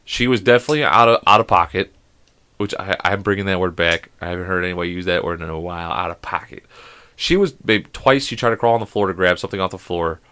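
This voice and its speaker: Bright-voiced man telling a rambling story. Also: low voice, fast, clean tone. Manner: animated storyteller who acts out the dialogue; rambling, with many restarts. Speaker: podcast co-host. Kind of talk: casual chat.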